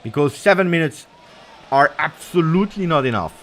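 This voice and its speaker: Excitable middle-aged man calling football live. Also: a little high, fairly quick, a little hiss or hum. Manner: excitable play-by-play, peppered with Italian cheers, reads viewer comments. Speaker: live match watch-along host. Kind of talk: live football commentary and chat reaction.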